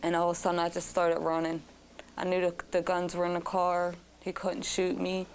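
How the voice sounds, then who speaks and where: Slow, shaken woman with creaky voice. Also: lowish voice, completely flat delivery, slight background noise, low-quality recording. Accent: Baltimore. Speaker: former hostage recounting ordeal. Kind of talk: news interview.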